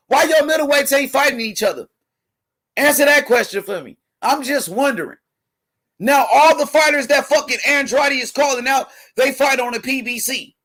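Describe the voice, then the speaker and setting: Very high-voiced man ranting about boxing. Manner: heated, profane, often shouting questions; reads viewer comments aloud. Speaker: boxing commentary livestream host. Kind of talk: casual ranting commentary.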